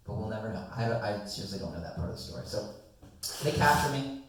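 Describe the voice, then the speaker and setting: A young man telling a long, rambling story to friends in a casual chat, animated and swearing freely. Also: lowish voice, fast talker, a little hiss or hum. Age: young adult. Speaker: guest storyteller. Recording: echoey room, distant mic.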